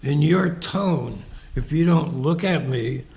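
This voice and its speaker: A man's voice: a little high, slow pace, darkish tone. A man co-hosting a casual podcast, talking reflectively and acting out little example exchanges. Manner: reflective, explains with examples and acted-out quotes. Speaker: podcast co-host.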